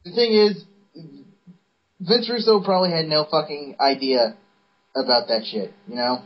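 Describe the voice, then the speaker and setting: A man's voice: fairly high pitch, measured pace. A man co-hosting a casual podcast, crude and profane. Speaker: podcast co-host. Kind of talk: casual chat. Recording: dull lo-fi sound.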